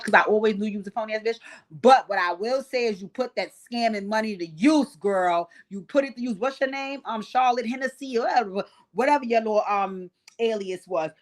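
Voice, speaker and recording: Blunt, profane woman recapping reality TV. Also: medium pitch. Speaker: host. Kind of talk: casual reality TV recap on a livestream.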